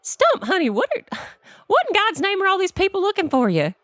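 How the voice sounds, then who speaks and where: A woman's voice: extremely high pitch, huge pitch swings, brisk, fairly bright tone, no room sound, studio quality, voice pushed up, exaggerated voice. A woman voicing a sugary, folksy character who calls everyone honey.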